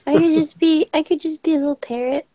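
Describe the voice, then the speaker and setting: Young woman, 20, high voice, jokes about herself, kinda muffled lo-fi sound. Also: steady tone, fast, mellow, no room sound. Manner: chatty, self-deprecating, swears casually. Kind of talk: casual podcast chat.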